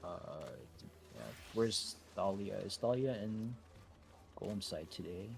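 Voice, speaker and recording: A man's voice: low voice, gravelly, soft background music. Laid-back man leading a voice-chat raid. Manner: relaxed, halting, many fillers and restarts. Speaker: raid leader. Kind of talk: casual voice chat organizing a game raid.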